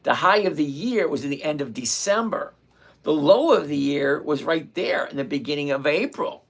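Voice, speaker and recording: Middle-aged male livestream trading host, blunt and plain-spoken, gravelly tone. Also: a little high, lively intonation. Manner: blunt, repeats points slowly. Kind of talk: live-streamed trading lesson answering chat.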